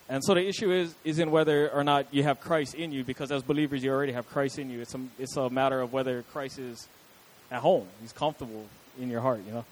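A man's voice: medium pitch, low-quality recording. A young adult man preaching a casual, conversational sermon with chatty asides to his listeners.

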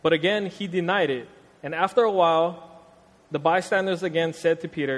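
A young man delivers a casual sermon, easygoing and full of slang. His voice sits a bit high for a man, and a long church-hall reverb trails every phrase. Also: a little fast. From Hawaii. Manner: conversational, animated, street slang. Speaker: preacher.

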